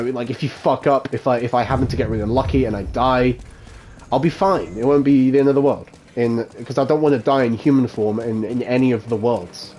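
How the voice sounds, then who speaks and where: A man with a mid-range, somewhat dark voice chats casually while live-streaming a game. He laughs a lot and swears offhandedly as he comments on the gameplay.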